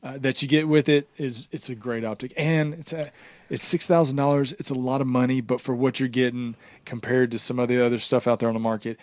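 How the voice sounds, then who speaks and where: A man's voice: mid-range voice, fairly even intonation, brisk, darkish tone, no echo. A man co-hosting a podcast in casual chat, steadily plugging the store's stock. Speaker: podcast co-host and store seller. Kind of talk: casual chat with sales pitch.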